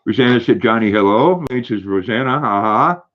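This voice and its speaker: A man's voice: medium pitch, lively intonation, moderate pace, lo-fi sound. An older man hosting a casual livestream, chatting and reading viewer comments aloud while talking to his dog. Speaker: livestream host.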